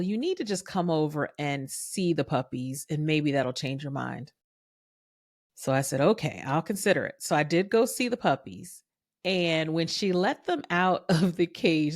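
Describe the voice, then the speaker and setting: A woman hosting a podcast, telling a personal story in a chatty, animated way and acting out the quoted voices. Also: on the low side, no room sound, studio quality. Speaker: podcast host.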